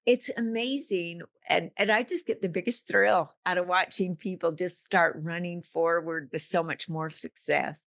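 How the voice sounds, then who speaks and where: A woman's voice: lowish voice, steady tone, normal speed, vocal fry, hardly any pauses, a bit bright. An older woman, a coach and author, talking casually in an interview and telling stories with vivid analogies. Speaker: guest, business coach and author.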